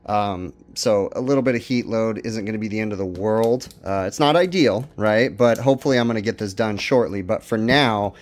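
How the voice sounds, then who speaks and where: A man hosting a casual DIY vlog, explaining his HVAC work step by step in a relaxed way with plenty of ums and uhs. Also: on the low side, brisk, hardly any pauses. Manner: relaxed, explanatory, many fillers like um and uh. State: out of breath. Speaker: HVAC technician and channel host.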